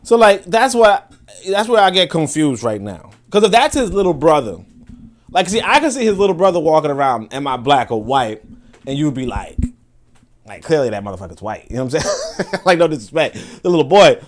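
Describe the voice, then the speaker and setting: A man's voice: fairly high pitch, big pitch swings, a little fast, a little hiss or hum. A man hosting a live stream, rambling in casual commentary with lots of fillers and swearing.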